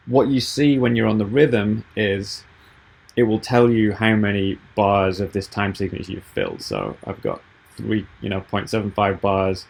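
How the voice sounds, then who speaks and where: A man giving a software tutorial over a video call, explaining each step patiently. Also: lowish voice, gravelly. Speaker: app developer giving a tutorial.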